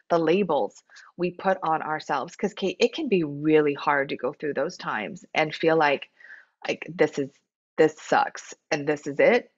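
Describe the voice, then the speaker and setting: Woman host in her forties, lowish voice, chatty and emotional, dull lo-fi sound. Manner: animated, emotional, laughs often. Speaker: podcast host. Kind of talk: casual conversational interview.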